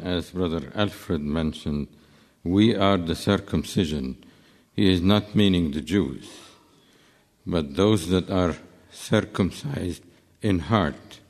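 A man speaking at a Bible study, measured and deliberate, citing verses carefully, in a church hall. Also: low voice, a little mellow. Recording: long reverb of a large hall.

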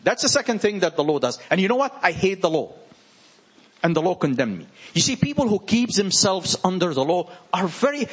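A man with a French accent gives an informal sermon to a small group, his voice high for a man and a little husky. He swings his pitch widely and keeps hammering his points through repetition. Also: a little fast. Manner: animated, repetitive and emphatic. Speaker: preacher.

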